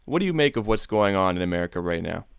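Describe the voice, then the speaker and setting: A man hosting a radio interview, asking measured, polite questions. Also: deep voice, sing-song, gravelly, clear, resonant tone, no echo, clean studio sound. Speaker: radio host.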